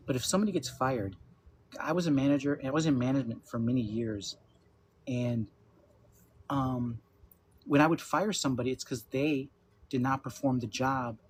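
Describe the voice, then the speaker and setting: A middle-pitched man in his fifties hosts a loose livestream chat from home. He laughs often and swears freely. A faint hum of room ambience sits under his voice. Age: 50s. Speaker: livestream host.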